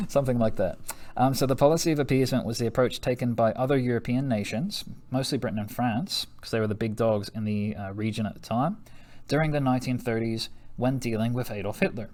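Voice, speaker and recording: A man's voice: medium pitch, fairly quick, darkish tone. A young American man teaching a history lesson in a chatty, joking way, laughing often and dropping slang asides. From United States. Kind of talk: recorded classroom lesson.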